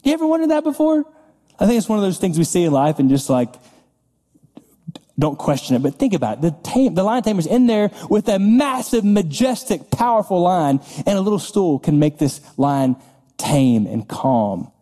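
A man delivers a sermon from a church stage in a relaxed, conversational way, circling back on his words and chuckling now and then. His voice sits a little high but sounds mellow. A long reverb from the large hall trails behind every phrase. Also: normal speed. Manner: conversational preaching with laughs and repeated words. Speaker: pastor. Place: church sanctuary.

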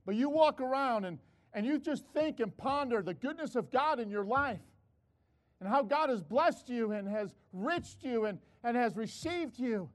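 An older man preaching a sermon, telling a family story with animated delivery and repeated words, calling out to his audience. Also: extremely high pitch, moderate pace.

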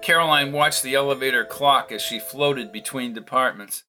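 A man reading a novel aloud as narrator, in a steady storytelling manner. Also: mid-range voice, normal speed, soft background music. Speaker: audiobook narrator. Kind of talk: scripted narration.

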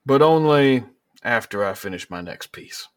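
A man voicing a ruthless male governor who delivers slow, menacing speeches. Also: medium pitch, lively intonation, voice pushed up, natural voice.

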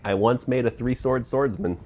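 A man's voice: medium pitch, a little mellow, slight background noise. A man chatting casually with friends about a tabletop game, joking, laughing often and tripping over his words. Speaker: player.

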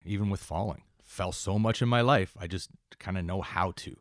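A man in his thirties from Canada, a firefighter telling relaxed, rambling stories in a casual interview. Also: low-pitched, normal speed, dry recording, clean studio sound. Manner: relaxed, rambling anecdotes with many asides. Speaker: firefighter and instructor, guest.

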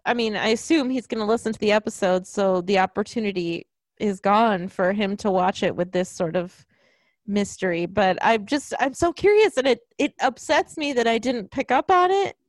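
A woman's voice: medium pitch, moderate pace, dry recording. A woman co-hosting a casual podcast chat, telling rambling stories and laughing often. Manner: rambling storyteller, giggly. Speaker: podcast co-host.

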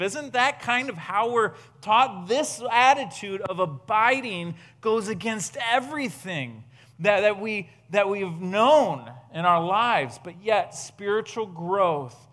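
A man's voice: high-pitched, expressive, takes it slowly, a bit bright. A man preaching a sermon in an earnest, questioning manner, building to emphatic outbursts. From United States. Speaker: pastor.

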